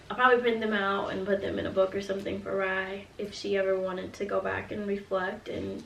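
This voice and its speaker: A woman's voice: medium pitch, fairly bright tone, roomy sound, far from the mic, a little hiss or hum, rough recording. A woman in her twenties telling her pregnancy story in a casual storytime vlog, earnest and reflective as she speaks openly about hard times. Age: 20s.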